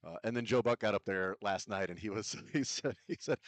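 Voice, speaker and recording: A man with a fairly low voice hosts a sports radio show, chatting casually and rambling through his stories. He fills the gaps with plenty of "uh" and "um." The sound is dry and close, with no room echo, as from a studio microphone. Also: fairly quick, few pauses. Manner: rambling, many "uh" and "um" fillers. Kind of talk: casual on-air storytelling.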